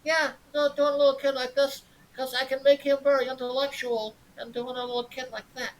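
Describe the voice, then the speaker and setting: A man's voice: very high voice, flat delivery, brisk, voice pushed up, rough recording. A man voicing a small, precocious boy who sounds intellectual, as a character demo in an interview. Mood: chirpy. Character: small, clever male child.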